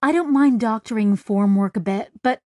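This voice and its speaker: A woman's voice: a little high, normal speed, dark tone, no echo, studio quality, natural voice. Fussy young female clerk, nervous and precise, a woman acting it. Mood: fretful. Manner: fretful, precise.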